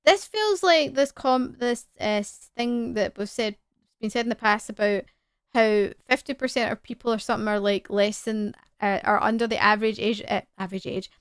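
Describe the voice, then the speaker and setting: A woman's voice: fairly high pitch, moderate pace, clear, resonant tone, no room sound, clean studio sound. A woman streamer reading a visual novel aloud on a livestream, playful and giggly, with rambling asides.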